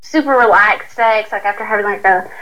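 A woman's voice: medium pitch, a little fast, pushed and bright. A young woman with a Southern US accent, chatting as a guest in a laid-back way, full of "like" fillers. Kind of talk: casual chat. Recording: tinny phone line.

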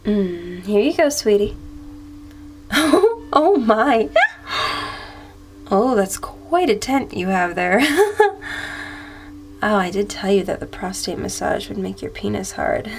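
A woman in a whispered role-play as a doting masseuse, speaking softly and teasingly with frequent giggles. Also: mid-range voice, lively intonation, takes it slowly, gravelly, faint music behind. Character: affectionate flirty female masseuse. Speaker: masseuse character.

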